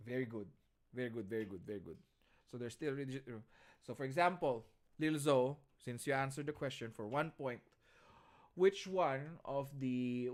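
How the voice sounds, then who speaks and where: A man with a Filipino accent lecturing an online class, teasing his students and switching between English and Tagalog. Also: medium pitch.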